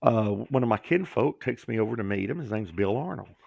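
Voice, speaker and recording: A man's voice: mid-range voice, fairly quick, vocal fry, no room sound, clean studio sound. A middle-aged man from Georgia, telling his life story as a guest and acting out the voices of people in it. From Georgia, USA. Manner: animated storyteller who acts out quoted voices. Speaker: guest, former pro wrestler. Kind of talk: storytelling interview.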